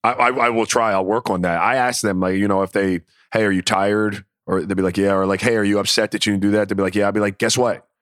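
A man's voice: fairly low pitch, level tone, fast, hardly any pauses, a bit bright, no room sound, clean studio sound. A man co-hosting a sports podcast, giving earnest opinions with stammered restarts. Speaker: podcast co-host. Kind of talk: casual sports chat.

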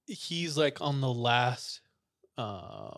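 A man's voice: medium pitch, very slow, gravelly. Casual man telling a creepy story. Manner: relaxed storyteller, many "like" fillers.

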